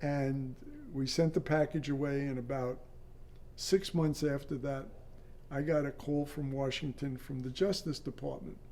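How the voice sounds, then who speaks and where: An older man, a former air traffic controller, recounting a personal story in an interview, halting and matter-of-fact. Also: medium pitch, steady tone, a little mellow.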